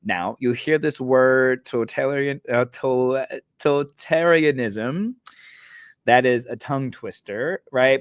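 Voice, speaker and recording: A man's voice: medium pitch, dry recording, clean studio sound. A man hosting a talk show, explaining terms in a casual, chatty way with many fillers and self-corrections. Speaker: host.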